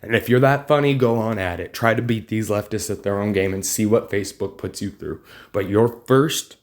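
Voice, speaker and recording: Combative man ranting, fairly low voice. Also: moderate pace. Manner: combative and mocking; loose and rambling, with swearing. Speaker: vlogger. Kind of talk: ranting political vlog.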